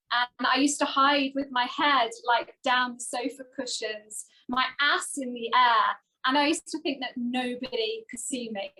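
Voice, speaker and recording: A woman co-hosting a talk show, telling stories in casual chat with an animated manner. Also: high voice, poor audio. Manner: animated storytelling.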